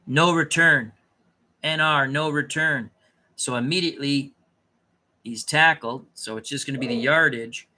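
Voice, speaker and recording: A man's voice: medium pitch, measured pace, pushed and bright. A man casually thinking aloud as he plays a tabletop dice game, often muttering and correcting himself. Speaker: tabletop game player and channel host.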